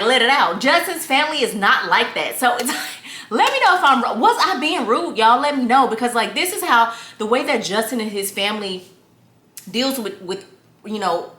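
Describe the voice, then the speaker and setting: Animated, bright-voiced young woman vlogger. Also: fairly high pitch. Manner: animated storyteller, talks straight to viewers. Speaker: lifestyle vlogger. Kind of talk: casual chat to viewers. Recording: echoey room.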